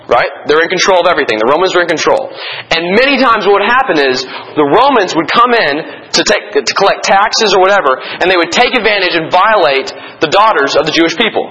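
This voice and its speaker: Bright high-voiced young man teaching. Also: rough recording. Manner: conversational, animated storytelling with restarts. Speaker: Bible study teacher. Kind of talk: classroom Bible lesson.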